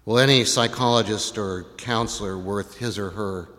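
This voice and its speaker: Guy preaching, bright sharp voice, long echo off a big hall, gets loud and dramatic. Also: fairly low pitch, moderate pace. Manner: animated storytelling, acts out voices, rises to shouts. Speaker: pastor. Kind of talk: sermon. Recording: long reverb in a large hall.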